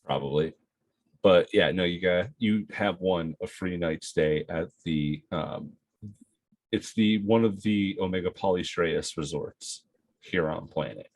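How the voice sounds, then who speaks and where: A man narrating as game master of a tabletop game, halting with many fillers and frequent laughter. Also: low-pitched, a little mellow, no room sound.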